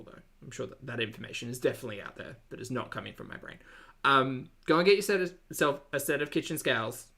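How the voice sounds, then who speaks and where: A bright, forward voice with an Australian accent, talking casually to a live chat. The talk rambles through asides and stays keen. The pitch sits in the middle. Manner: chatty, rambling asides, enthusiastic. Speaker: reaction streamer.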